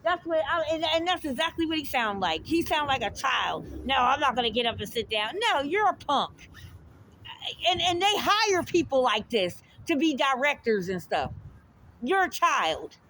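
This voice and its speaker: A woman telling a heated personal story straight to her viewers, animated and full of swearing. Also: sits high, unhurried, a little hiss or hum. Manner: animated, profane, addresses viewers directly. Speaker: storyteller recounting a confrontation.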